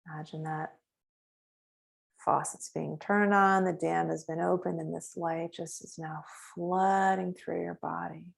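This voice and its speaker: A woman leads a guided meditation in a soft, slow hush, letting some words fall to a whisper. Her voice sits low and gravelly, with little rise and fall. She sounds middle-aged and unhurried. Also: fairly even intonation. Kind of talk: guided meditation, then casual chat.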